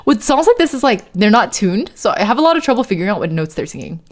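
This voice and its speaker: A woman's voice: medium pitch, very animated, fast talker, soft background music. A woman streamer chatting casually, giggly, thanking viewers and trying out lines of a song. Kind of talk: casual live-stream chat.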